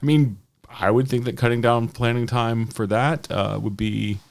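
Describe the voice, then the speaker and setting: A man's voice: medium pitch, steady tone, normal speed, creaky. A man co-hosting a casual podcast, rambling with lots of restarts and fillers. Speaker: podcast co-host. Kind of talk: casual chat.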